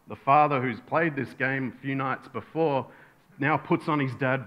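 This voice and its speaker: A man's voice: mid-range voice, steady tone, moderate pace. Guy pastor giving a sermon, tells stories with voices, kinda dull recording. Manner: storytelling, acts out voices in anecdotes.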